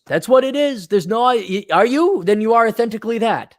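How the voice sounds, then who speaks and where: In a very high, expressive voice, a middle-aged commentator talks a little fast with hardly any pauses, reading and reacting in a sarcastic, blunt monologue. He mocks in put-on voices, and the studio-quality recording has no echo.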